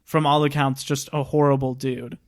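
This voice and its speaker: A man's voice: mid-range voice, level tone, moderate pace. A man co-hosting a podcast, casually recounting background stories with lots of filler "like". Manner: recounting production background in a chatty, informal way with frequent "like". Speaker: podcast co-host.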